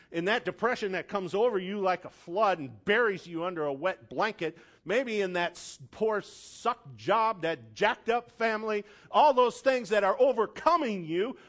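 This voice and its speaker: High, lively-voiced preacher building to shouts. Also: male voice. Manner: builds to loud shouted declarations. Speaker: pastor. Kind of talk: sermon.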